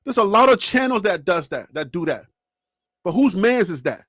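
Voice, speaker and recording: A man hosting a sports talk channel, talking straight to his viewers and chat in a lively, animated way and laughing often. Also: sits high, moderate pace, no echo, studio quality. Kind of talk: casual live-stream commentary.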